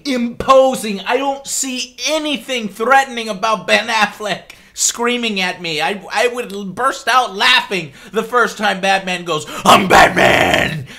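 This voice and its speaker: Male vlogger, fed-up ranter, high register, crisp bright tone, lots of profanity. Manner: exasperated, heavy swearing, repeats himself. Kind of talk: angry rant to camera.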